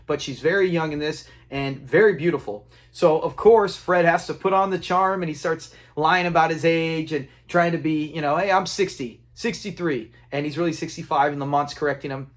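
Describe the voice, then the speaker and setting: A man's voice: on the high side, steady tone, a little fast, hardly any pauses. A man casually recapping a classic sitcom episode, retelling scenes, acting out quotes and chuckling along. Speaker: TV episode reviewer.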